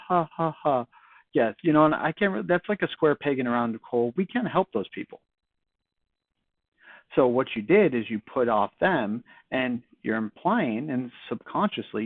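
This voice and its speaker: A man's voice: mid-range voice, no echo. A man talks through cold-call technique in a loose, conversational way, slipping into sample phone lines as he goes. His voice sits in a middle range and comes through thin and phone-like. The recording is dry, with no room sound. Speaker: sales trainer. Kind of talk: casual training talk. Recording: dry, tinny phone-like audio.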